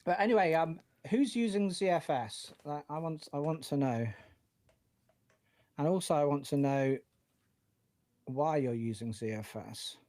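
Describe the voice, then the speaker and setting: A man's voice: fairly high pitch, unhurried, pauses often, darkish tone. A British man co-hosting a tech podcast, chatting casually and rambling a little as he explains his setup. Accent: British English. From United Kingdom. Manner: chatty, rambling, with many fillers. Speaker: podcast co-host.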